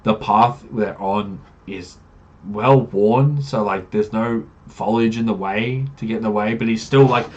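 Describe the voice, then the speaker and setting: Brief: casual game master recap, rambling with fillers, slightly low voice. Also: male voice, fairly even intonation, unhurried, dull audio. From Australia. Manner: rambling, many fillers and self-corrections. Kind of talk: casual campaign recap narration.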